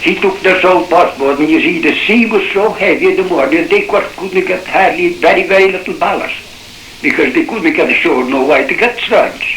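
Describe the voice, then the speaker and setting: An older man with a Shetland accent, a shipwreck survivor, rambles through his memories in dialect in oral-history style, restarting often. His voice is high, brisk, and a bit bright, preserved on a roomy old cassette with a little hiss or hum.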